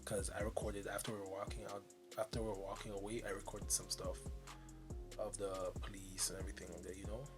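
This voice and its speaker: A young man telling an animated, slang-heavy story time. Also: lowish voice, brisk, music in the background. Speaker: vlogger.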